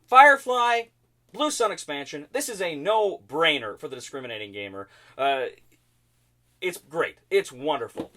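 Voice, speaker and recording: Eager, animated male game reviewer. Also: a little high. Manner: enthusiastic, repeats words for emphasis. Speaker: board game reviewer and host. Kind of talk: board game review to camera.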